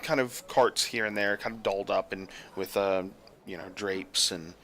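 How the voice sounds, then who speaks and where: Male game master, bright voice, descriptive narration with lots of ums. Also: lowish voice, steady tone, normal speed. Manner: descriptive, with many fillers.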